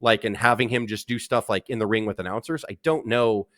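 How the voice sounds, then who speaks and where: Excitable man rambling on a podcast, dry sound. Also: fairly low pitch, brisk, no echo. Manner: excited, rambling, lots of restarts. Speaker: podcast host. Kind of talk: casual chat recapping wrestling.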